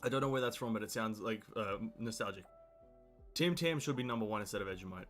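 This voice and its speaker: A man's voice: on the low side, quick pace, fairly bright tone, faint music behind. Blunt Australian man, casual streamer. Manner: blunt, profane, opinionated rambling. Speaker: game streamer. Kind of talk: casual live-stream chat.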